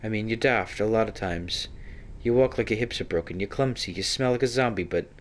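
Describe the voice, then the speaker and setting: A man's voice: on the low side, a little fast, lightly acted. A man voicing a prickly, defensive young rogue woman in a fantasy game who tags her sentences with echoing endings.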